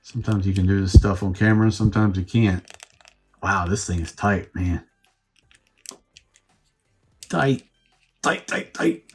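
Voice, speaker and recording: A man's voice: lowish voice, a little mellow, husky. A man reviewing a toy on his own channel, rambling and thinking aloud as he fiddles with the figure. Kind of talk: casual unscripted review.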